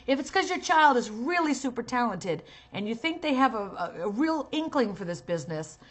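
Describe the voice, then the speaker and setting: A woman's voice: a little high, bright, forceful tone. Earnest, emphatic woman giving advice. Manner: earnest, emphatic, scolding at times. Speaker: talent manager. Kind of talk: advice monologue to parents.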